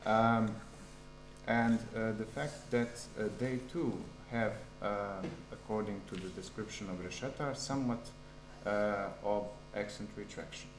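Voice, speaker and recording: A man's voice: fairly low pitch, a little slow, background noise. A man defending his doctoral thesis, giving a formal academic answer, hesitant with frequent fillers. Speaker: PhD candidate defending a thesis. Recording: echoey room.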